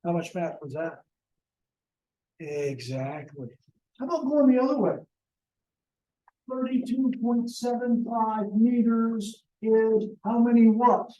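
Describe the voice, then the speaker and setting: A man's voice: very high voice, lively intonation, takes it slowly, pauses often, warm tone, reverberant, far from the mic, poor audio. A man teaching a math lesson to a class, joking and talking to the students directly. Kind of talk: classroom lecture.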